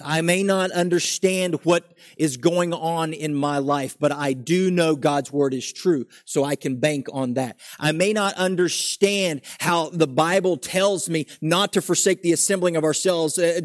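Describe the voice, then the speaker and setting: A man preaching a sermon, reading scripture aloud slowly and then building to animated emphasis. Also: on the high side, no room sound, studio quality.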